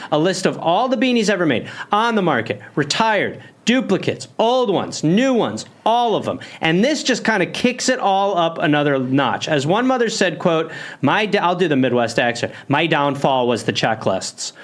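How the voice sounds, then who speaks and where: A man in his forties tells a comic story on a podcast, his voice high and bouncing all over the place. He reads out quotes along the way and breaks into jokes. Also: moderate pace, hardly any pauses. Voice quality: animated, jokey, reads quotes aloud. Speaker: comedy podcast host, storyteller.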